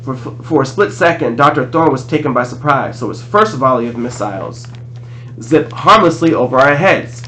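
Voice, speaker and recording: A man reading a novel aloud in a plain, steady voice, restarting a few words now and then. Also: medium pitch, moderate pace, a little hiss or hum, rough recording. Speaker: audiobook reader.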